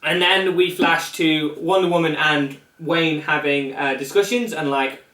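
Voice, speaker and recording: A man chatting through a film review, laughing a lot and slipping into goofy voices for the characters. His voice sits a touch high. He sounds a bit back from the mic, in a roomy, echoey space. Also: steady tone, moderate pace, few pauses, a bit bright. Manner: laughs often, acts out movie characters in silly voices. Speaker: co-host of a film review chat. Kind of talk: casual film review chat. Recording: echoey room, mic at a distance.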